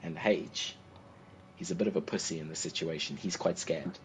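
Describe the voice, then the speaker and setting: A man hosting a livestream, chatting casually and telling an animated anecdote, acting out the people he quotes. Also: deep voice, moderate pace. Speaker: livestream host. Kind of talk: casual storytelling to a co-host. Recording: noisy livestream audio.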